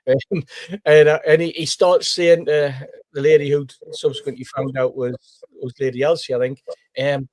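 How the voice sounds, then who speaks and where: A man's voice: mid-range voice, a little fast, dry recording. A man tells a story on a fan podcast. He brings it to life by acting out the voices of the people in it. The recording is dry and close, with no room sound. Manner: animated storyteller, acts out quoted voices. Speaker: podcast panelist. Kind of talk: casual anecdote telling.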